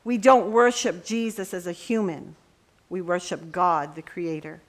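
A middle-aged woman preaching a sermon with passion, dropping to a hush and rising to ringing cries. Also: lowish voice, a little slow. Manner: impassioned, swings from hushed to ringing cries.

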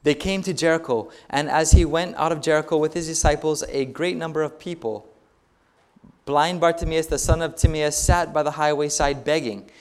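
A man's voice: on the high side, fairly even intonation, normal speed. A male pastor preaching a sermon, retelling stories in a conversational way and putting rhetorical questions to the congregation.

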